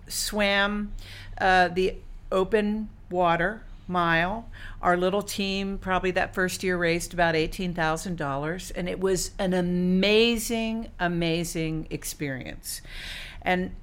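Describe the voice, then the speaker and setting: A middle-aged woman with a slightly low voice tells her story to an interviewer. She is chatty and full of fillers, and she acts out the thoughts she had back then in quoted asides. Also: fairly bright tone, clean tone. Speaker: guest, cancer survivor and swimmer.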